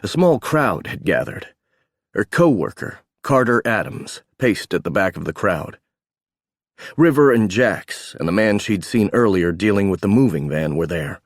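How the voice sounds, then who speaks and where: A man narrating an audiobook in a steady, measured reading voice. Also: fairly low pitch, no room sound, clean studio sound. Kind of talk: scripted narration.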